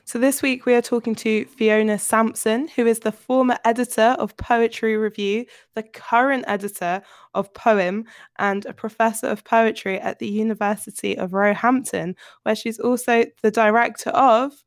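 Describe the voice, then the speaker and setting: Woman cohosting a chatty podcast, teasing, highish voice, dry sound, faint music. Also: fairly even intonation, normal speed, dry recording. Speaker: podcast host. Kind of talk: casual chat.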